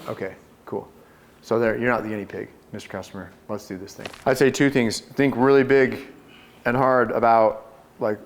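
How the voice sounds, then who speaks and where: A man with a slightly low voice gives a lively sales training talk to a group. He speaks with confidence and energy, and he breaks into acted door pitches. His delivery is punchy and often repeats phrases.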